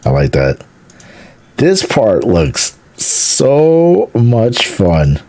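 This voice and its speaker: A man's voice: lowish voice, huge pitch swings, drawn-out words, a little mellow, no room sound. A man from Houston, Texas, a gaming streamer, gives a casual, enthusiastic reaction to a game trailer, rambling, repeating words and swearing casually.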